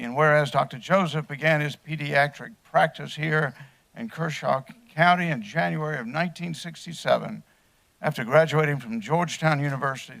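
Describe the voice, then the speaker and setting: A man, chairing a council meeting and reading a formal proclamation in a measured way. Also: on the high side, creaky, a bit bright. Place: council chamber.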